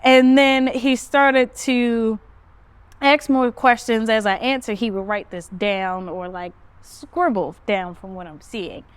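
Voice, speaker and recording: A woman hosting a podcast, casually recounting a story and jumping her pitch up high when she quotes herself. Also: takes it slowly, clear, resonant tone, no echo. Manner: animated retelling, pitch jumps up when quoting herself. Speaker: podcast host. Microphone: phone.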